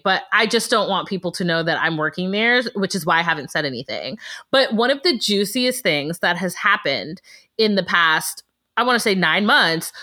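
A woman co-hosting a casual chat show, telling a profane story in an animated way. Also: medium pitch. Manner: animated, profane, quick storytelling with character quotes. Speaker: podcast co-host.

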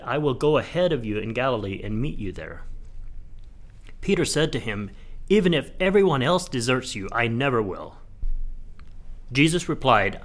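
Male scripture reader, mid-pitched, measured and steady. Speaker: Bible reader. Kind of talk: scripture reading.

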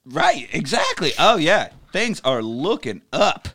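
A man telling a story in casual podcast chat, animated and profane, acting out other voices. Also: fairly high pitch, slow. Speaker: podcast co-host.

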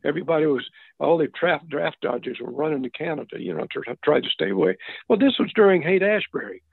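A man's voice: on the high side, fast, creaky, slightly rough, no room sound. An older man, an interview guest, telling stories casually and rambling, with many restarts and asides. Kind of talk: casual storytelling. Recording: dry, tinny phone line.

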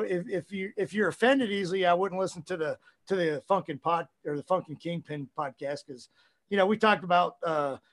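A man guesting on a podcast, talking casually and profanely in a rambling, animated way. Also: high voice.

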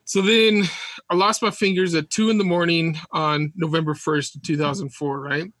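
Animated, high-voiced storytelling man. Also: moderate pace, no echo. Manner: animated, laughs often, acts out quotes. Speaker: podcast guest, veteran. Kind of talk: casual storytelling.

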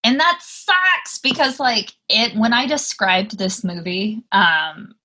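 A woman's voice: on the high side, slow. A young woman co-hosting a podcast, chatting casually with a lot of swearing and laughter. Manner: profane, animated, laughs often. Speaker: podcast co-host. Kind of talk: casual chat.

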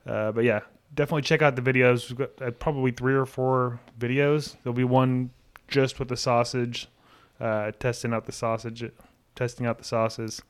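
A man's voice: medium pitch, normal speed, clear, resonant tone. A man co-hosting a podcast in casual chat, telling stories in an easygoing way with fillers. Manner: easygoing storyteller, relaxed with fillers. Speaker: podcast co-host.

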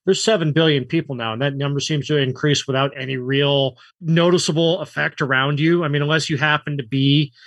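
Podcast co-host, man from California, higher pitch, dry close sound, riffs with opinions. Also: fairly even intonation, brisk, few pauses, fairly bright tone, no room sound. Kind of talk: casual conversation.

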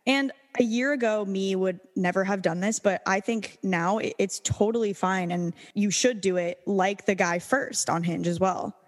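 A woman's voice: medium pitch, normal speed, few pauses, long reverb tail. A young woman co-hosting a podcast, giving frank, upbeat advice in a casual chat. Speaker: podcast co-host.

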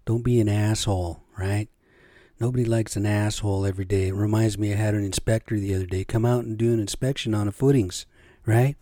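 A man's voice: lowish voice, fairly even intonation, a little fast, warm tone, dry recording, clean studio sound. A middle-aged man hosting his own podcast on a cheap home setup, rambling and swearing freely while asking rhetorical questions. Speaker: podcast host. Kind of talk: casual solo podcast rant.

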